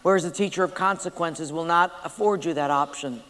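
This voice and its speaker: A man's voice: a little high, fairly quick, a bit bright, slight background noise. A man preaching a sermon, telling stories and driving his points home emphatically. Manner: storytelling, emphatic. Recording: long hall reverb.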